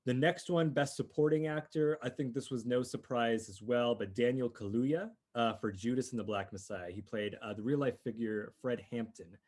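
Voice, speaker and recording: In a casual movie review chat, a man co-hosting a podcast talks enthusiastically about films, frequently restarting sentences. His mid-range voice has a darkish tone, keeping a moderate pace with few pauses.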